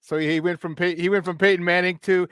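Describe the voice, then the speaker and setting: Male sports radio co-host, high voice, dry studio, lively storyteller. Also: smooth, no room sound. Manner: animated storyteller, asks rapid questions. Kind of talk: casual sports talk.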